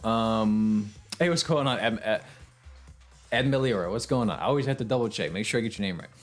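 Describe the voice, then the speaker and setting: A man streaming a video game, reacting loudly, swearing, laughing and chatting with viewers. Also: lowish voice, a little fast, faint music behind. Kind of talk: casual gaming stream commentary.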